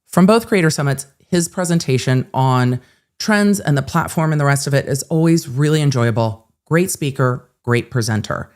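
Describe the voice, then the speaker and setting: A woman host telling a personal story in casual livestream chat, animated and self-mocking, with some swearing. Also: rumbling low, moderate pace.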